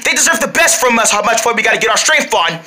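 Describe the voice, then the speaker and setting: A performer voicing a bossy villain gang leader in a homemade toy movie, urging his crew on in a gruff, bossing way. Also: mid-range voice, sing-song, fast, bright, forceful tone, voice pushed down.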